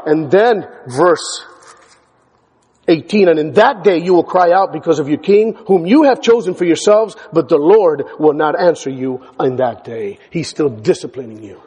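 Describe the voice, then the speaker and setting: A male pastor preaching a sermon, emphatic, hammering words through repetition and building to near shouts. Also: a little high, lively intonation, normal speed, breathy edge. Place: church sanctuary. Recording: church hall with long reverb.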